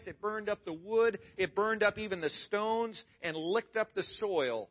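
A man preaching a sermon as a pastor, retelling a story dramatically and swinging from loud to hushed. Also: high voice, moderate pace, hardly any pauses, highs cut off.

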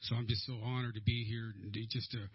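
A man's voice: mid-range voice, level tone, fast talker, husky, no room sound, lo-fi sound. A man giving a nervous, hesitant church testimony in a church, with many restarts.

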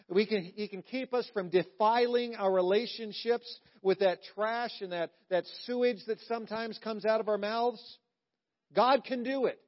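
A male pastor with a fairly high voice preaches with strong emphasis, pressing hard on key words and then falling almost to a hush. The recording is dull and lo-fi, with a muffled top end. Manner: emphatic, swings from loud stresses to hushed, intimate lines. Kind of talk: sermon.

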